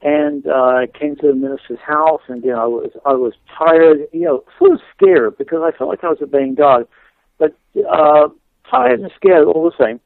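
A guest minister from England shares his story during a radio interview, speaking with an English accent in a chatty, laughing manner full of fillers and restarts. His voice runs on the high side, expressive and moderately paced with vocal fry, over a dry, tinny phone line.

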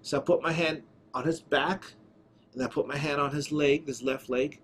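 A man's voice: a little high, steady tone, moderate pace, a little hiss or hum. Fervent man preaching healing stories. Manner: storytelling, fervent, acts out dialogue. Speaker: evangelist show host. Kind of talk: testimony-style preaching broadcast. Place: studio.

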